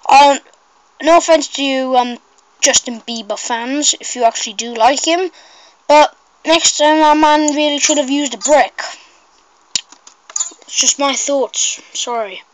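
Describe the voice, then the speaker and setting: A woman giving casual, rambling gameplay commentary, excitable and shrieking at mishaps. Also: sits high, a little slow, long pauses, low-quality recording.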